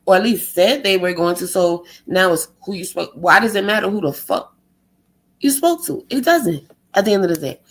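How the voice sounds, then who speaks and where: A woman in the middle of a heated, profanity-laden rant, exasperated and biting. She pelts out rhetorical questions and mocks the people she is complaining about. Her pitch sits in an ordinary middle range. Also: low-quality recording. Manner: exasperated, sarcastic, heavy swearing; fires rhetorical questions, mocks others in a put-on tone. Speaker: vlogger.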